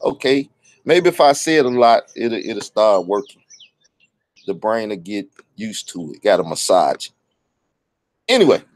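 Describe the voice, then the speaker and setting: A man's voice: lowish voice, expressive, normal speed, long pauses. A man, talking bluntly and profanely in a casual monologue, often stumbling over his words. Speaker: online commentator.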